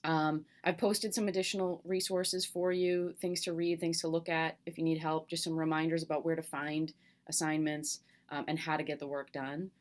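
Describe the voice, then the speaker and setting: A middle-aged woman teacher recording a video message to her students at home, speaking gently and candidly with a reassuring manner and some fillers. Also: low voice, level tone, moderate pace. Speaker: college teacher. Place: home, at kitchen table.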